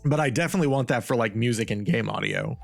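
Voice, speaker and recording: A man's voice: medium pitch, fast talker, vocal fry, faint music behind. A man chatting casually on a live stream as a streamer, rambling and talking to his chat while testing a studio microphone. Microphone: studio mic.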